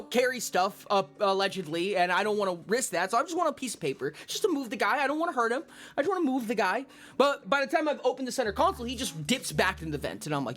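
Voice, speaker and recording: A man telling a story in casual stream chat, animated and profane, with lots of exclamations. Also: high-pitched. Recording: faint music in background.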